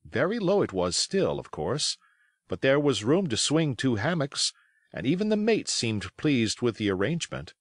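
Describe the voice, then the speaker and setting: A man's voice: mid-range voice, huge pitch swings, moderate pace, dry recording. A man reading a novel aloud as an audiobook, telling it expressively and giving each character a voice. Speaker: audiobook reader. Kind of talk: scripted narration.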